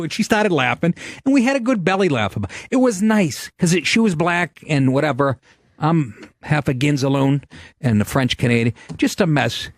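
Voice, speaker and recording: A middle-aged man hosting a podcast, telling stories in a brash, profane, animated way. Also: on the high side, fairly quick, dry recording, clean studio sound. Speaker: podcast host, comedian. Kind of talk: casual podcast chat.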